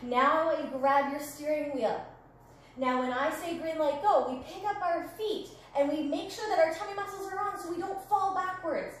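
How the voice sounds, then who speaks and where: High-voiced woman guiding kids' yoga. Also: fairly even intonation, normal speed. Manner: gentle, playful step-by-step instructions. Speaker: family yoga instructor. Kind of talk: guided children's yoga class. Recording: very echoey room, faint background noise.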